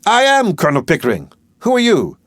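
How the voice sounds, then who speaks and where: A man reading an audiobook, voicing a courteous older gentleman, a colonel, speaking politely and eagerly. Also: high-pitched, huge pitch swings, fairly quick, dry recording, clean studio sound, pitched above the performer's own voice, exaggerated voice.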